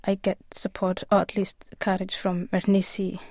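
A woman guest in a radio interview, speaking earnestly and in a measured way with frequent pauses. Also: mid-range voice, completely flat delivery, a little mellow, no echo, studio quality. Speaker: author and guest.

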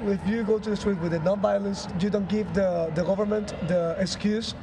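A young man in his twenties from Venezuela, a student leader, speaking halting English with restarts, interviewed outdoors. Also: high voice, fairly even intonation, noisy background. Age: 20s. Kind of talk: interview answer. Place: outdoors at an evening concert.

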